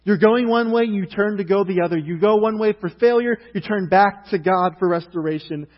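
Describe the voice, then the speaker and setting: Animated man preaching in a reverberant hall. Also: high voice, a little fast, dull audio. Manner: storytelling, animated retelling with rising outrage. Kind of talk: sermon.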